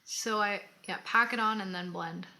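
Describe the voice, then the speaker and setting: A woman's voice: mid-range voice, fairly even intonation, moderate pace, bright, forceful tone. A woman co-hosting a casual makeup tutorial, playful and giving tips as she goes. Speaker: co-host of a makeup channel.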